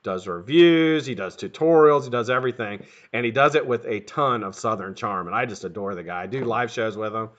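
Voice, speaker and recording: A man's voice: medium pitch, brisk, hardly any pauses. A middle-aged man hosting a casual live stream, greeting viewers one by one and swearing freely. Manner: lively, profane, greets viewers one after another. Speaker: livestream host. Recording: dull lo-fi stream audio.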